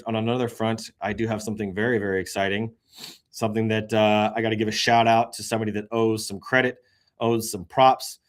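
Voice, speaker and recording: A man hosting a casual crypto show, talking through market charts on screen, flipping from low muttering to sudden loud exclamations and an occasional yawn. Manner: excitable, swings between muttering and sudden exclamations; yawning, drawn-out sighs.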